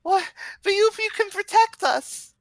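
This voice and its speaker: Frightened child in a tabletop game, voiced by the game master. Much higher than the performer's own voice, clinging and pleading. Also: expressive, measured pace, full character voice.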